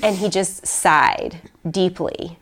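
A woman's voice: lowish voice, slow, fairly bright tone. A young adult woman talking casually and emotionally in a podcast conversation, full of "like" and restarts. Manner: heartfelt, many likes and restarts.

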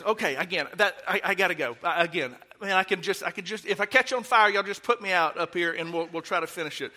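A middle-aged man preaches in a church sanctuary, folksy and full of jokes. His voice sits high for a man and rings sharply bright. He swings easily into loud, fired-up preaching. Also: fast, hardly any pauses. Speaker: guest preacher. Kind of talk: sermon.

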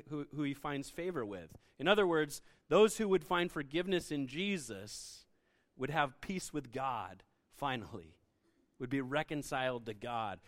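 Young male pastor, high-pitched, casual and lively delivery to a congregation. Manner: lively, conversational, asks the audience questions. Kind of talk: sermon.

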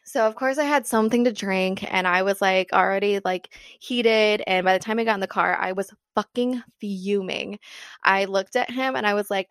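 A woman's voice: mid-range voice, normal speed, a bit bright, clear, resonant tone, no room sound, studio quality. A young woman co-hosting a podcast, telling a personal story candidly, with plenty of swearing. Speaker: podcast co-host. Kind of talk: casual chat.

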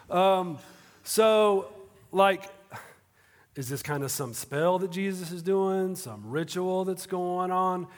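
Man, pastor, conversational sermon, hushed to animated, long hall reverb. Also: high voice, slow. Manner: conversational preaching, swings between hushed and animated. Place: auditorium. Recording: reverberant auditorium.

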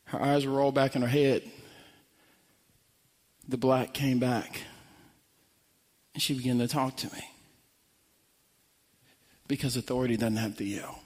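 A man's voice: sits high, a bit bright, big-room sound. A man preaching a sermon, telling a story with acted-out quotes and building to emphatic, repeated lines.

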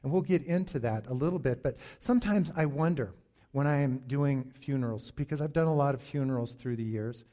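A middle-aged male pastor preaching a sermon in a slow, deliberate way, pausing for emphasis. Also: medium pitch, dark tone.

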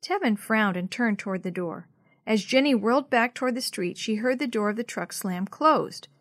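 A woman reading a chapter book aloud to children in an expressive storytelling voice. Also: a little high, normal speed, no echo, clean studio sound.

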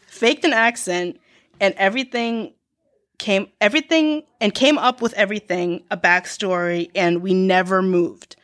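A woman's voice: mid-range voice, fairly even intonation, normal speed, fairly bright tone. A young woman co-hosting a podcast, reading listener confessions aloud and reacting bluntly, swearing freely. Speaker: podcast co-host.

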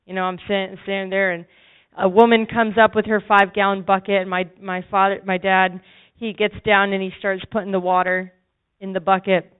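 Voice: medium pitch, little pitch movement, fairly quick, smooth, phone-quality sound. A preacher giving a sermon testimony, telling a story with emphatic repetition.

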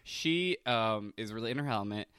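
A man co-hosting a podcast in casual chat, camp and quick with crude jokes. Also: lowish voice, lively intonation, a bit bright, smooth, no room sound, clean studio sound. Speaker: podcast co-host.

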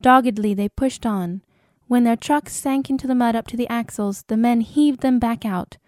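A woman's voice: on the high side, moderate pace, darkish tone, dry recording, studio quality. A woman narrating a true wartime story as an audiobook in a grave, dramatic storytelling manner, with a cinematic score. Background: cinematic music score.

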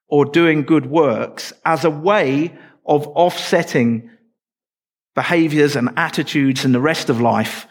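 A man preaching a sermon in a church, explaining scripture in a conversational way with light asides to the congregation. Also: fairly high pitch.

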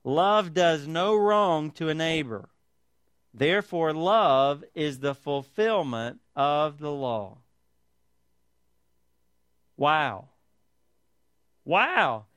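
A man's voice: fairly high pitch, expressive, drawn-out words, long pauses, fairly bright tone, clear, resonant tone, dry recording. A man preaching a sermon as pastor, reading scripture aloud with emphasis and pressing points with rhetorical tag questions.

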